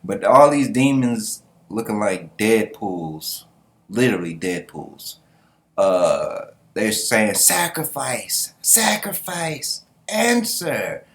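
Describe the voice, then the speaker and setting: A man's voice: on the low side, slow. A man giving a casual, slangy, profane comic-book reaction, laughing often. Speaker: manga reviewer.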